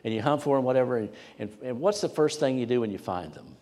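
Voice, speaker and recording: A man's voice: medium pitch, fast talker, warm tone. A man preaching a sermon to a congregation, in an emphatic storytelling way that repeats words for weight. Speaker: pastor. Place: church sanctuary with congregation. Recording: long church hall reverb.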